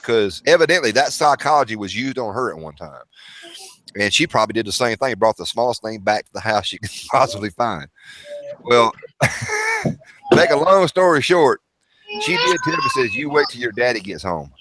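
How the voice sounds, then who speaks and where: A man's voice: mid-range voice, normal speed, pauses often. A man telling family stories in a casual chat, laughing often and acting out old quotes. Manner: animated, laughing often, acts out childhood quotes. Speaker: storyteller. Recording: faint background noise.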